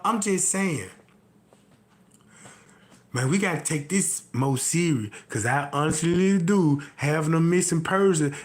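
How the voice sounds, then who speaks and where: A man ranting comically to his live chat, telling a rambling, profane story full of repeated asides and swinging between loud outbursts and low mutters. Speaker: livestream host. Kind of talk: comedic rant to a live chat. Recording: roomy echo.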